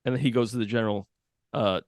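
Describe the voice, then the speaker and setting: A man's voice: medium pitch, steady tone, fast talker, darkish tone, no echo, studio quality. A man co-hosting a podcast, chatting casually about a film and retelling scenes, swearing freely. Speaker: podcast co-host.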